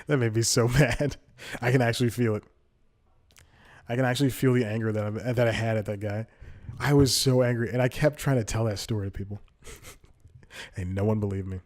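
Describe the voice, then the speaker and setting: A man's voice: mid-range voice, fairly even intonation, moderate pace, pauses often. A man in his twenties hosting a comedy podcast, telling a story in a rambling way, restarting sentences and laughing at himself. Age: 20s. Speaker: podcast host.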